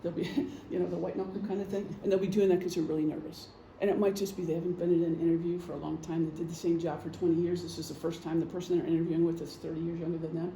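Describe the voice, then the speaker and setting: A man's voice: fairly high pitch, level tone, racing, gravelly, few pauses, dark tone. A middle-aged man giving an informal presentation to a group, talking conversationally with examples and frequent ums. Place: meeting room. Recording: echoey room, faint hum.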